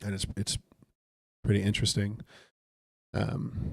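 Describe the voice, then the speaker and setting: A man's voice: on the low side, flat delivery, moderate pace, gravelly, a little mellow, no echo. A man casually leading a Bible study on a live stream while he plays a game, reading scripture aloud and musing over it in a conversational way.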